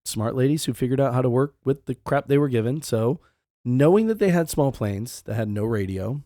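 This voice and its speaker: A man co-hosting a podcast, telling a history story in a casual, profane, animated way. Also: mid-range voice, brisk, no echo, clean studio sound. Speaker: podcast co-host.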